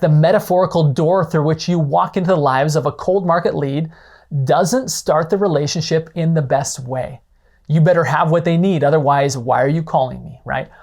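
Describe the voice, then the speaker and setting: A man with a fairly high, slightly mellow voice hosts an instructional podcast. He explains ideas conversationally, often pausing to check in with listeners through questions.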